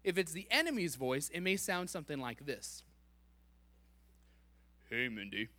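A man giving a playful, animated sermon, joking with the congregation and laughing at himself. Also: high voice, fairly quick, no room sound. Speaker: preacher.

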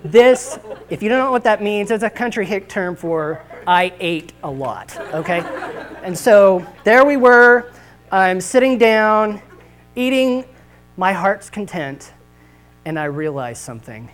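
A man's voice: sits high, a little slow, faint music behind, poor audio. A man preaching a sermon with humorous, folksy storytelling at a church service. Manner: animated, jokey, folksy.

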